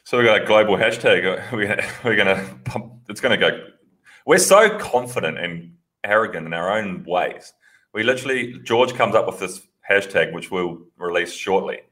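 Low-voiced man, rambling. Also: normal speed. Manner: relaxed, rambling, self-mocking. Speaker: podcast co-host. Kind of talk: casual banter.

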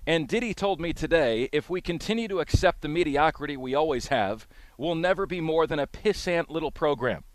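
A man's voice: on the high side, animated, fairly quick, no echo. A man hosting a sports talk radio show, delivering an emphatic monologue and repeating his points for emphasis.

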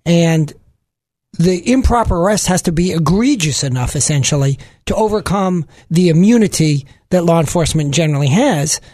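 A man, a law professor guest on a radio show, explaining legal points in a measured way. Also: on the high side, lively intonation, darkish tone, no echo.

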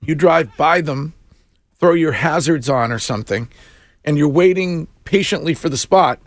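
A man hosting a morning radio show, talking in a wry, animated way with chuckling asides. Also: fairly high pitch, no room sound, clean studio sound. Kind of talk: casual talk radio banter. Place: radio studio.

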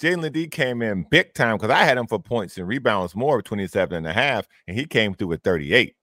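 A man co-hosting a sports talk show with easygoing, quick quips. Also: fairly low pitch, lively intonation, sharp tone, dry recording, clean studio sound. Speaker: co-host.

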